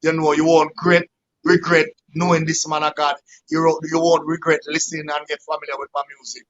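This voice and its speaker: A man's voice: a little high, flat delivery, brisk, a bit bright. A man, a musician being interviewed, speaking in a devout, thankful and rambling way. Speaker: guest musician. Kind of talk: interview answers. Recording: dull lo-fi sound.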